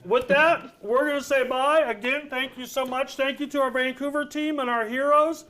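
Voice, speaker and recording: A man's voice: very high-pitched, steady tone, moderate pace, sharp tone. A man hosting a casual live-stream chat, playful and teasing, laughing often. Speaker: host.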